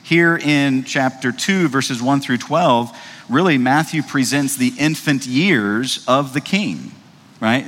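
A man's voice: mid-range voice, slow pace, fairly bright tone. Man preaching in a reverberant hall. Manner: conversational, frequent fillers and tag questions; reads scripture aloud in old-fashioned wording. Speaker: pastor. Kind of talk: sermon.

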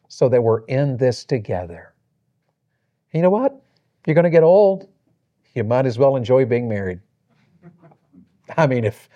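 A middle-aged man preaching on marriage, telling a story in a folksy, animated way. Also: mid-range voice, muffled recording.

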